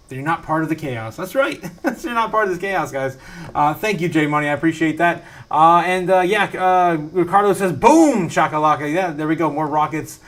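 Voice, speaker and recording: A man's voice: high-pitched, fairly bright tone. A man hosting a casual live stream from his home studio, reading out viewer messages, rambling with lots of fillers and frequent laughter. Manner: rambling, laughs often, many fillers and restarts.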